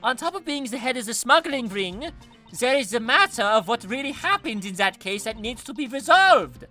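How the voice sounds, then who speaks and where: Man playing a high, imperious young woman prosecutor with a whip, lively and bright. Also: moderate pace, soft background music, full character voice. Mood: haughty. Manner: imperious, sadistic.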